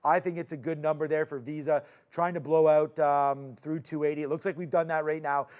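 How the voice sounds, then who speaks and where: A man's voice: a little high, level tone, a little mellow, smooth. Upbeat male market show host. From Canada. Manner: upbeat, joking, quick asides. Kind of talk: casual market recap chat.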